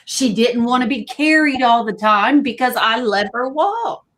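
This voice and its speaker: High-voiced, slow-talking woman co-host. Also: animated, a bit bright. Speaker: co-host of live vintage sale. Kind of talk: casual chat.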